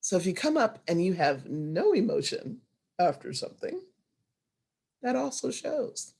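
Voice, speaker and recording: A woman presenting an online storytelling workshop over a video call, expressive and animated, moving from hushed asides to loud emphasis. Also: fairly low pitch, unhurried, gravelly, slightly rough.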